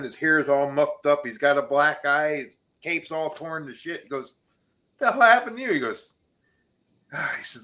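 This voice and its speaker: A man hosting a casual podcast, telling bar jokes with lively character voices. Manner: animated joke-teller, changes pitch for each character. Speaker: podcast host.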